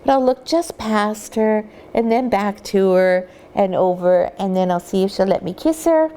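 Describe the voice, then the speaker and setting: Gentle woman dog breeder teaching. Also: medium pitch, lively intonation, moderate pace. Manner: gentle, cooing baby talk to the puppies. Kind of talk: instructional demonstration.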